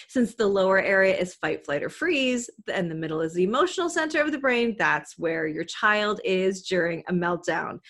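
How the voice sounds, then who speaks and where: A woman's voice: medium pitch, a bit bright. A woman giving a parenting talk to camera, earnest and coaching, often asking the listener questions. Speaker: parenting educator.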